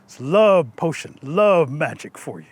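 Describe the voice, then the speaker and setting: A man's voice: fairly high pitch, very animated, unhurried, slightly rough, dry recording, pitched below the performer's own voice, full character voice. A storyteller voicing a sleepy little male mole who is wise and matter-of-fact.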